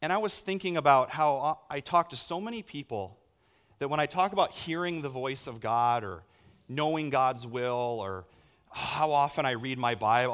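A man in his thirties preaching a sermon as a pastor, telling stories with sudden loud bursts. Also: medium pitch, normal speed, smooth.

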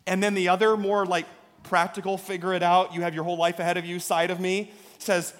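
A man's voice: high-pitched, steady tone, quick pace, fairly bright tone. A man in his thirties preaching a sermon, telling stories in an emphatic, conversational way. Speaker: pastor. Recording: long hall reverb.

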